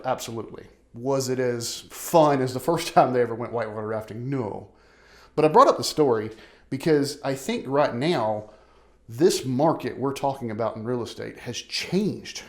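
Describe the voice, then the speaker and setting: A man talking like a realtor telling a story over a market update. His pitch sits in a middle range. He keeps it loose and conversational, tossing in "right?" as he goes.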